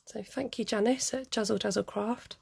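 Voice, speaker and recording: A woman's voice: on the high side, steady tone, normal speed, creaky, darkish tone, breathy edge. A middle-aged woman hosting a craft video, chatting casually and muttering to herself as she works, with the odd giggle. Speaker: craft vlogger. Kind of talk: casual chat while crafting.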